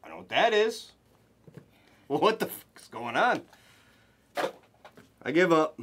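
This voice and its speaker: A man hosting a live card break, calling out pulls to viewers with excited, hyped commentary and the odd swear. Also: a little high, slow, pauses often.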